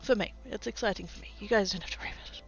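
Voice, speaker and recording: A woman's voice: medium pitch, very fast, gravelly, dull audio, faint music behind. A woman chatting casually to her livestream chat while sorting craft supplies, self-mocking and rambling. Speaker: craft streamer.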